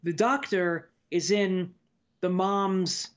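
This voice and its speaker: High-voiced man on dull lo-fi audio. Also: fairly even intonation, slow pace. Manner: opinionated, listing examples in a chatty way. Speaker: podcast guest. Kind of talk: casual chat.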